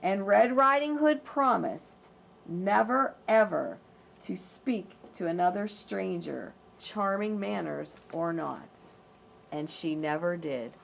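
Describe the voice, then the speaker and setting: Expressive woman reading to preschoolers. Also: fairly low pitch, vocal fry, slight background noise. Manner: slow, expressive and gentle, as if to small children. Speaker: preschool library teacher. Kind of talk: storybook read-aloud and lesson for preschoolers.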